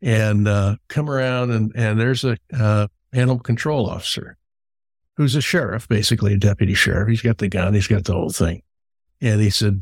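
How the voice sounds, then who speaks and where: A man's voice: fairly low pitch, brisk, creaky, dry recording, studio quality. A middle-aged man hosting an interview who tells long stories and repeats words as he starts his sentences. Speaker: podcast host. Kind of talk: conversational storytelling.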